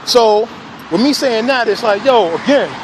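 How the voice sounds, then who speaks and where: A man's voice: very high voice, expressive, measured pace, noisy background. A man who breeds dogs, talking in a casual, emphatic rant full of profanity and repeated fillers. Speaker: dog breeder.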